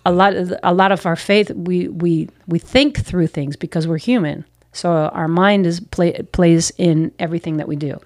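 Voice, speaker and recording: A woman's voice: lowish voice, fairly even intonation, normal speed, hardly any pauses, a little mellow, dry recording, clean studio sound. A missionary pastor, a woman, earnestly telling personal stories in an interview. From United States. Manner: earnest, reflective, acts out her own past self-talk.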